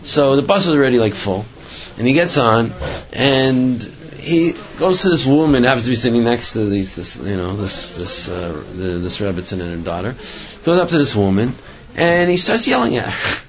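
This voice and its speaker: A man's voice: mid-range voice, big pitch swings, moderate pace, highs cut off. A man giving a religious storytelling talk, rambling with many restarts and filler phrases. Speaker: religious speaker.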